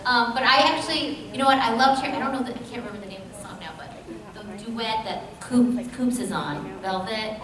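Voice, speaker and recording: A woman's voice: on the high side, brisk. A voice actress on a convention panel, gushing enthusiastically about her castmates. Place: large convention hall. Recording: echoey hall, distant mic, crowd.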